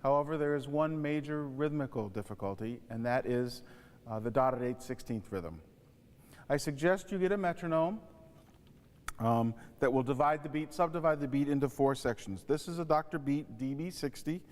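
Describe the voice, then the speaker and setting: A man's voice: medium pitch, animated, normal speed, a little mellow. A man teaching saxophone, earnestly advising students and singing rhythms aloud to demonstrate them. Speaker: saxophone instructor. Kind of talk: music lesson tutorial. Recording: reverberant room.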